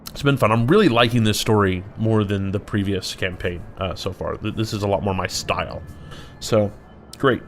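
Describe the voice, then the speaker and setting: A man with a lowish voice hosts a gameplay video, rambling casually as he thinks aloud. Faint music plays under his talk. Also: moderate pace. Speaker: let's play host. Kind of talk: gameplay commentary.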